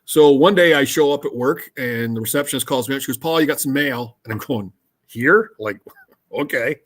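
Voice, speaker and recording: A man, a radio host, telling an anecdote in lively conversational style with laughs along the way. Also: mid-range voice, brisk. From Canada. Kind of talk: conversational storytelling.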